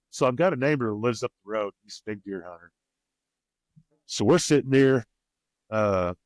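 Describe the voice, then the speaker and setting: Podcast guest, male, twang, folksy storyteller, lowish voice, dry booth sound. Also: no echo. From Missouri, USA. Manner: rambling, folksy, quotes others with raised pitch. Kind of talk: casual storytelling.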